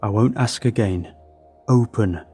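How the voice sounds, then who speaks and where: Brief: man playing an unkempt, desperate armed man with low, dark, tense clipped lines. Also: unhurried, breathy edge, faint music behind. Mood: threatening. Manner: tense, clipped commands, faltering.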